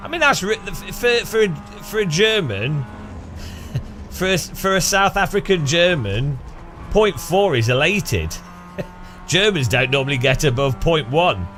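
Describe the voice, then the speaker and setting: A man's voice: medium pitch, sing-song, measured pace, over music. A man hosting a casual live stream, joking and rambling as he chats with viewers, laughing at his own jokes. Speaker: streamer host.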